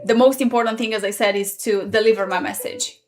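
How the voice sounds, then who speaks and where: Woman in her 30s, english not her first language, chatty live stream with viewers, a bit high voice, soft music in the back. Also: steady tone, a little fast. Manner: chatty, reads out and answers viewer comments. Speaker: streamer answering viewer questions. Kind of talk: casual live-stream chat.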